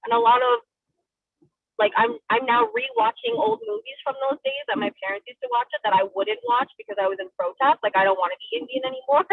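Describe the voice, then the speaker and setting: A woman's voice: very high-pitched, a little fast, vocal fry, no echo. A woman from Trinidad telling a personal story on a video call, acting out the voices of the people in it. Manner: animated, acts out voices in her story. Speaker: community discussion participant. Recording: tinny call audio.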